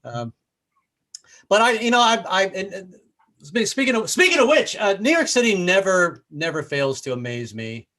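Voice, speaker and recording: A man's voice: sits high, big pitch swings, normal speed, pushed and bright. A man from the American South doing a live-streamed stand-up set from his apartment, stammering through restarts. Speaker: stand-up comedian.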